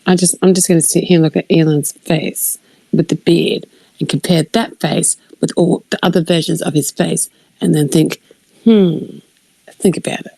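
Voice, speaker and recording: A woman co-hosting a podcast in casual chat, sarcastic and animated when telling stories. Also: lowish voice, moderate pace, gravelly, breathy edge, no room sound. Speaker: podcast co-host.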